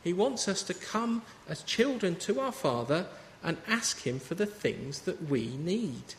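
A man in his thirties preaches a sermon and tells stories in a conversational way. His voice sits a little high. The hall has a long reverb and a faint ambient hum behind it. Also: sing-song, measured pace.

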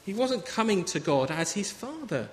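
A man's voice: sits high, sing-song, moderate pace. A man in his thirties preaching a sermon in a chatty, story-telling way. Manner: conversational, anecdotal preaching. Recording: reverberant hall with faint ambience.

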